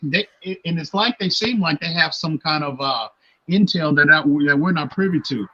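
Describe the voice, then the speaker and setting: A man's voice: a little high, moderate pace, lo-fi sound, a crowd in the background. A man co-hosting a casual sports podcast, hesitant and full of restarts, laughing often. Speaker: podcast co-host.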